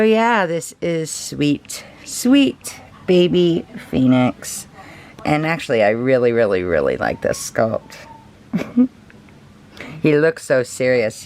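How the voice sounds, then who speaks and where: A woman chatting casually and gushing softly, laughing often as she shows off her collection. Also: low-pitched. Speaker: reborn doll collector. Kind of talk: casual show-and-tell vlog.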